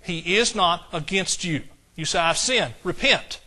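An older man preaching with a high, bright voice. His delivery is fervent and emotional, and he keeps calling out to his congregation for responses. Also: measured pace. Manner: emotional, fervent preaching with audience call-outs. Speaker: pastor. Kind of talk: sermon.

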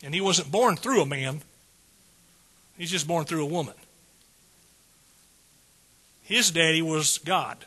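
A man preaching a sermon in a high, bright voice with a husky grain. His delivery is folksy and conversational, and he keeps checking in with the listeners. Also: takes it slowly, long pauses. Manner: folksy, calls out to the congregation.

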